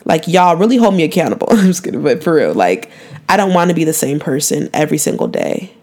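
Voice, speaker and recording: Woman, podcast host, slangy, earnest, fairly low voice. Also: fast talker. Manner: chatty, earnest, slangy, with animated bursts. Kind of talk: casual faith podcast chat.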